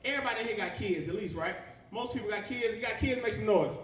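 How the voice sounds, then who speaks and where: Young male stand-up, very high voice, crowd-baiting, roomy distant club sound. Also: fast, fairly bright tone. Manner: profane, rambling, crowd-baiting. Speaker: stand-up comedian. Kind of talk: live stand-up comedy. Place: comedy club stage. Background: audience laughter.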